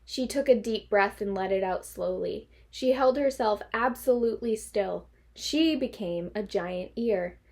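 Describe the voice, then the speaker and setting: A woman teacher reading a children's novel aloud to her class, expressive and lively. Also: mid-range voice, a little slow, hardly any pauses.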